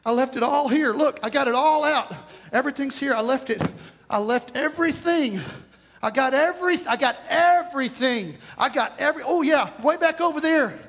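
Breathless pastor guy, really high voice, storytelling sermon, big echoey church. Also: normal speed. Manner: storytelling, animated, breaks into shouts and laughs. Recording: long hall reverb.

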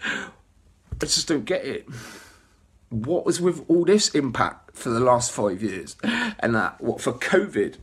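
Husky man ranting. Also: medium pitch, big pitch swings, slow pace, long pauses. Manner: ranting, with filler runs of "duh duh" and "blah blah"; chuckles between phrases. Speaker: webcast host. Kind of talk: rambling casual monologue.

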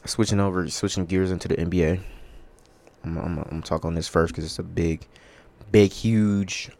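A young man hosting a sports podcast, ranting in a casual, profane, rambling way. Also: deep voice.

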